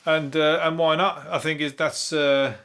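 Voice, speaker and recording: A Brummie comedian hosts a solo podcast, riffing on news stories in a dry, deadpan way. He rambles, swears freely and loses his thread. His voice sounds a little hoarse and worn. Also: fairly high pitch, a little slow. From Birmingham, England. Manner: deadpan, rambling, sweary, laughs at own jokes. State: voice going hoarse.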